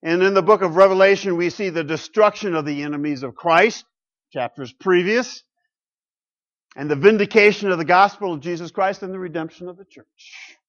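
Man, pastor, sermon, rhetorical questions, loud-to-hushed swings, fairly high voice, muffled lo-fi recording. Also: moderate pace. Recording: muffled lo-fi sound.

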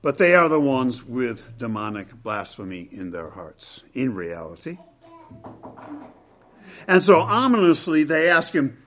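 A man preaching a sermon with dramatic, emphatic delivery, swinging between loud and hushed lines. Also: medium pitch, very animated, unhurried.

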